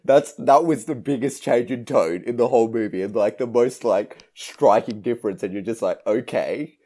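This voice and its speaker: A man co-hosting a podcast, chatting casually about a movie, retelling scenes with animated laughter. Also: medium pitch, normal speed. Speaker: podcast co-host. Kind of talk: casual movie review chat.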